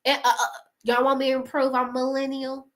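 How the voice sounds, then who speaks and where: A woman's voice: high-pitched, completely flat delivery, moderate pace, fairly bright tone. A woman, chatting casually to camera, giving motivational advice to creators, often laughing and calling her viewers y'all.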